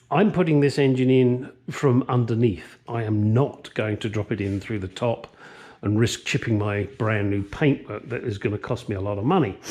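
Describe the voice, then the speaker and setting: A man's voice: mid-range voice, darkish tone. A man hosting a car restoration vlog, chatting casually in a home garage, rambling and joking as he goes. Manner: rambling and jokey, swears freely. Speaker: channel host restoring a classic car. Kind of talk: casual workshop vlog chat.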